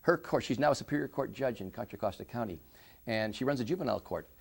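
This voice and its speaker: A middle-aged man giving an oral history interview, speaking earnestly with many halting restarts. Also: medium pitch, expressive, creaky, breathy edge. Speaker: interviewee, victim services director.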